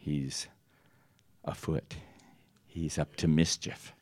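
A man teaching at a ministry school, telling stories and laughing often, jumping up in pitch as he acts out what people said. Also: little pitch movement, takes it slowly, a little mellow, no room sound. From United States. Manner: storytelling, laughs often, acts out dialogue with big jumps in pitch. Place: church teaching hall.

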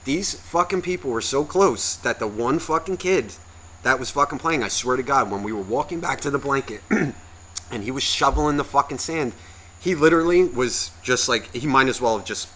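A man's voice: medium pitch, lively intonation, normal speed, sharp tone, slight background noise. A man co-hosting a podcast, telling a long story in a profane, exasperated, ranting way. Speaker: podcast co-host.

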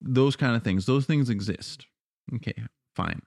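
Measured mid-voiced man explaining, dry mic. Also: mid-range voice, vocal fry, a little mellow, no room sound. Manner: explanatory, measured, gives examples, some fillers. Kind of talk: casual chat.

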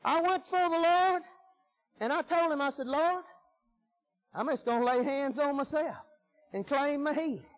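A man preaching, high-pitched and folksy. He drops from loud emphatic calls to hushed asides as he testifies. Faint music plays behind him. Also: moderate pace, pauses often, rough recording. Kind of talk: sermon.

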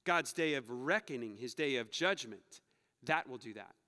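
A man preaching a conversational sermon, moving between playful asides and quiet, earnest passages. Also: mid-range voice, lively intonation, normal speed. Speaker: pastor. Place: church sanctuary. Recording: long reverb of a church hall.

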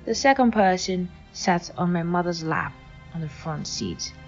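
A young woman from Nigeria telling a personal story in a wry, animated way. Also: lowish voice, a little slow. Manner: wry, animated retelling with acted quotes. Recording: lo-fi with faint music.

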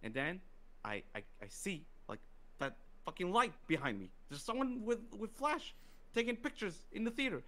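Animated storytelling man, swears a lot. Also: high voice, normal speed. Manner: animated, profane storytelling with acted-out quotes. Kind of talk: casual chat, storytelling.

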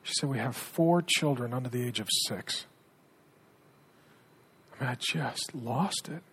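A middle-aged man preaching a sermon as pastor, earnest, dropping to a hushed tone when telling stories. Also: mid-range voice, unhurried, husky.

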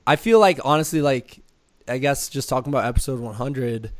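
A young man hosting a podcast, hoarse from a cold, chatting in a rambling, upbeat way with lots of fillers. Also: medium pitch, lively intonation, fairly quick, dry recording. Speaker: podcast host. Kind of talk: casual podcast chat.

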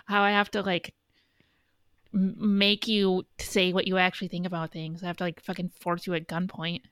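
A woman's voice: on the low side, flat delivery, normal speed, fairly bright tone, dry recording. A woman co-hosting a podcast, blunt and sweary in casual chat. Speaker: podcast co-host.

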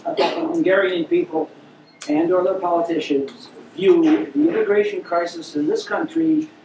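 A man's voice: high-pitched, animated, moderate pace, mellow, a little hiss or hum. A man in the audience asking a formal question at a lecture. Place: lecture hall. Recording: roomy hall, far from the mic.

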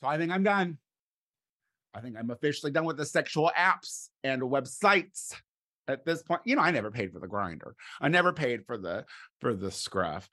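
Campy and full of energy, a middle-aged man works through a crude comedic monologue. His delivery keeps swinging between booming outbursts and low mumbled remarks.

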